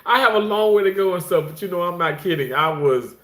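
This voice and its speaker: A middle-aged man hosting a casual livestream, chatting while he cooks. He reads viewer comments, rambles, and thanks people effusively, often jumping up high to greet them. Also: animated, quick pace, a bit bright. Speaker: livestream host. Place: indoor room, talking while cooking. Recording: roomy echo.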